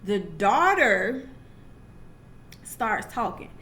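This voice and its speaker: A woman's voice: mid-range voice, sing-song, extremely slow, pushed and bright, a little hiss or hum. A young adult woman telling a personal story to camera in a casual, chatty way, full of asides and restarts. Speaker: vlogger.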